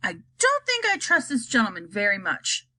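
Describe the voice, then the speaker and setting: A woman voicing a cranky, suspicious old grandmother with a croaky voice, shrill and complaining. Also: huge pitch swings, moderate pace, pushed and bright, dry recording, heavily acted.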